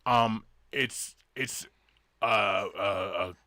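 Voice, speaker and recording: A man's voice: lowish voice, very slow, no echo, studio quality. A man co-hosting a podcast, telling stories in casual chat, swearing freely and acting out other people. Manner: animated storyteller, swears a lot, acts out characters. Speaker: podcast co-host.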